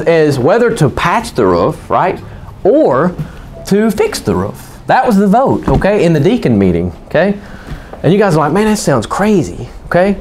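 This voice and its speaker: A man's voice: sits high, a little mellow. A male pastor preaching a sermon in a church, folksy and joking, then rising into fervent preaching while the congregation calls out amens. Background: congregation calling out amens.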